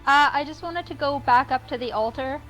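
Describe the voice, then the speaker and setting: A woman chatting casually as a player in a tabletop game, with quick asides. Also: high-pitched, over music, low-quality recording.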